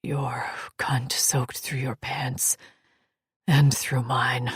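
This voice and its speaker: Woman doing a fierce alien warrior man for an audiobook, low husky rasp, slow and dry-miked. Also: flat delivery, no echo, exaggerated voice. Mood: hungry. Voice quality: husky, whispered. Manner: low growling murmur. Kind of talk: audiobook narration.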